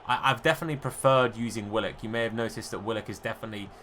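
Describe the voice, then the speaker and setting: A gaming YouTuber narrates his own football video game match while playing, chatty and self-deprecating as he swings between excitement and disappointment. His voice is bright and forceful, on the low side and very fast, with a little hiss or hum.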